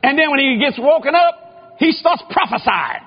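A male preacher giving a joking, animated sermon, often shouting, heard on a lo-fi recording. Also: very high voice, moderate pace, gravelly. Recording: lo-fi muffled recording.

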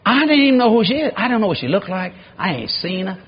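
A man's voice: sits high, very animated, quick pace, husky, highs cut off. A man, a pastor telling a story in a sermon, acting out the dialogue and laughing often. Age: 50s.

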